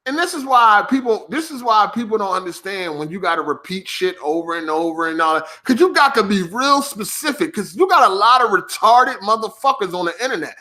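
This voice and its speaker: A man's voice: high-pitched, fairly quick, few pauses. A podcast host, swearing heavily as he talks casually and snaps back at his livestream chat. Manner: profane, animated, reacting to chat.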